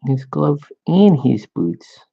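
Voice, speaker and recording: A man's voice: mid-range voice, very animated, slow pace, gravelly, breathy edge, narrow, tinny audio. A man chatting casually while painting miniatures, laid-back and joking, swearing now and then.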